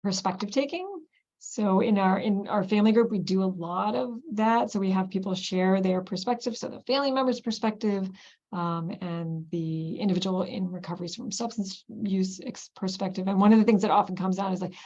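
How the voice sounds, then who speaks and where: A woman presenting to clinicians over a video call, with a gravelly edge to her voice. She explains things conversationally, with plenty of ums and restarts. The audio is dull and lo-fi. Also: medium pitch, brisk, darkish tone. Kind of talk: online teaching presentation.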